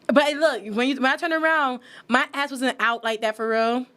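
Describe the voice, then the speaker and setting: A woman in her twenties co-hosting a casual podcast chat, talking quickly and animatedly, laughing often. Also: sits high, a bit bright. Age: 20s. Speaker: podcast co-host.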